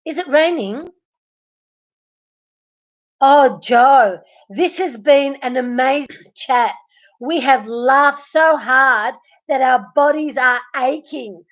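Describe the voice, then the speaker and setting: Lying in bed at home, a woman streamer chats with a high-pitched, slow, hoarse voice through muffled lo-fi audio. She's losing her voice yet keeps up casual talk over comments, greeting viewers by name and laughing frequently.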